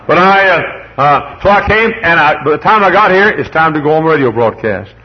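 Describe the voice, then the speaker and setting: A husky-voiced pastor, a man, preaches in a rambling, humorous way, stumbling over repeated words as he spins folksy stories. Then he climbs into emphatic declarations. The sound is dull and lo-fi, like an old recording. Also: on the high side, expressive, normal speed. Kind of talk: sermon with folksy storytelling.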